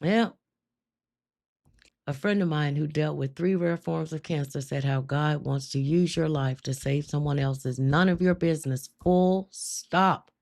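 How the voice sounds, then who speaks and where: A woman hosting a live stream, telling her testimony with emphatic, drawn-out storytelling and frequent laughter. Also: sits low, creaky, a little mellow. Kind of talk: spoken testimony to a live chat.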